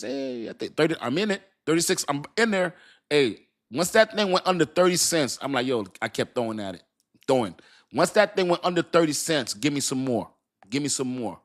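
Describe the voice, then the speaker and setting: An excitable man in his fifties rambles through a casual live stream. He speaks, piles on slang and repeats himself, and often breaks into laughter. His pitch sits in the middle of the male range. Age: 50s. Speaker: crypto livestream host.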